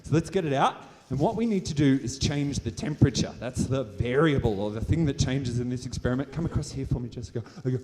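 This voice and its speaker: A man's voice: medium pitch, animated, fast talker, hardly any pauses, noisy background. An Australian man presenting a live science demonstration on stage, playful and jokey with a volunteer and the crowd. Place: stage in a large hall with an audience. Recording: reverberant hall.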